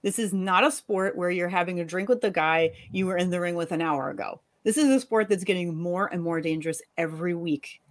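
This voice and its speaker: A woman's voice: lowish voice, fairly quick, hardly any pauses, lightly acted. A woman in a live reading, voicing an angry, sarcastic wife and mother scolding her husband. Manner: sharp, sarcastic.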